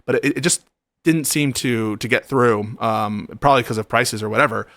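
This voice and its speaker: Male host, mid-pitched, earnest and halting, dry close mic. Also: a bit bright, no room sound. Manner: earnest, halting, restarts often. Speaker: show host. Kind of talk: casual political chat.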